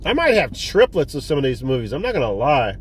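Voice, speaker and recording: A man's voice: mid-range voice, huge pitch swings, fast talker, a little hiss or hum. A young man casually rambling through a movie review, full of fillers, restarts and profanity. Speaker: physical media collector vlogger.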